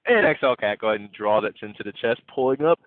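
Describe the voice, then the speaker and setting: A man leading an online yoga class, gently cueing breaths and poses in a playful way. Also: lowish voice, animated, fast talker, no echo. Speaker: yoga instructor. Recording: tinny phone-like audio, dry.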